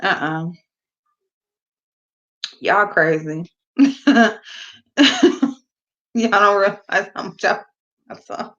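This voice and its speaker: A livestream host with a fairly bright, mid-range voice chats casually with live viewers, speaking extremely slowly with frequent pauses. She's slangy and blunt, swearing and giggling as she talks, over dull lo-fi livestream audio.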